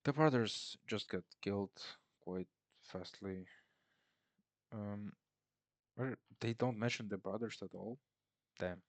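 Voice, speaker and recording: A man's voice: on the low side, slow pace, long pauses, no room sound. A man casually recapping a film in a rambling, sarcastic way, mocking the characters. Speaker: film reviewer.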